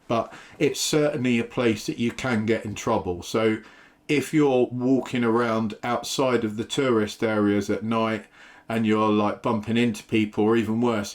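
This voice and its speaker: A man with an English accent giving a casual, rambling travel talk to camera, full of fillers. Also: fairly low pitch. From England. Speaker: travel vlogger.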